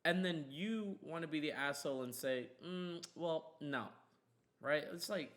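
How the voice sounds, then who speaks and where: Slightly high, expressive and a little bright, this young male podcast host speaks at a normal speed. He tells a story with heat and emphasis, cursing often, in a casual conversational setting.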